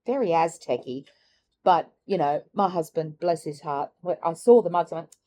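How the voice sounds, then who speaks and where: A middle-aged woman chatting candidly in a personal vlog, musing aloud and laughing softly between thoughts. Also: fairly low pitch, expressive, normal speed. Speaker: carnivore diet vlogger. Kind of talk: reflective personal vlog chat.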